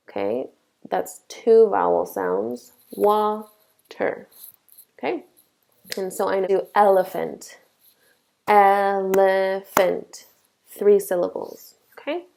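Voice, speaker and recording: Slow, gravelly-voiced woman teacher. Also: mid-range voice, a little mellow. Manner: slow, deliberate explaining with frequent "okay?" checks. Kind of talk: classroom lesson.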